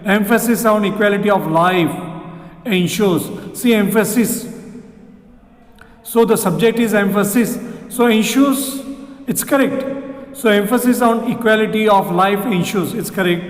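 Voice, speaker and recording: Indian English teacher, male, high voice, patient and repetitive, recorded in a reverberant room. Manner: explains slowly, repeats sentences, asks rhetorical questions. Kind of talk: exam question walkthrough. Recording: echoey room with long reverb.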